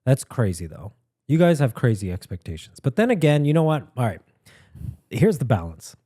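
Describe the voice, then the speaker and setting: A man co-hosting a comedy podcast in casual chat, animated and joking, often acting out quotes. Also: mid-range voice, moderate pace. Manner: animated, acts out quotes in mocking voices. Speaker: podcast co-host.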